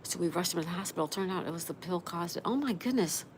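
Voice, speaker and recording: Woman, live stream host, casual chat, greets viewers by name, slightly low pitch, noisy background. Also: racing. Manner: chatty, reads viewer comments aloud and greets them by name. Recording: steady background noise.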